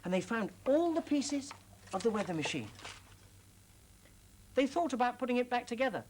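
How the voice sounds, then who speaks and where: A British woman presenting children's television, telling a story to young children in a gentle, expressive, exclaiming way. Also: fairly high pitch, normal speed, a little hiss or hum.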